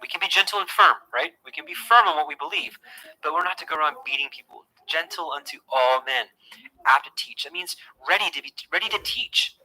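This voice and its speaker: A man's voice: sits high, expressive, quick pace, bright, forceful tone, breathy edge, rough recording. A man teaching scripture to his online audience in an earnest, conversational way, often repeating words and restarting his sentences.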